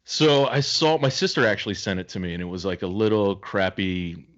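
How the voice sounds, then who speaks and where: A man's voice: fairly low pitch, brisk, lo-fi sound. A man co-hosting a podcast in casual chat, telling stories animatedly and acting out the voices of the people in them. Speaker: podcast co-host.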